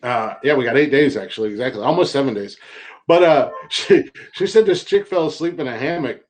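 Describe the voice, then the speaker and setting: Dude rambling thru a funny story on a podcast, laughing a lot, average pitch voice. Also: male voice, expressive, brisk. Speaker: podcast co-host. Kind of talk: casual chat.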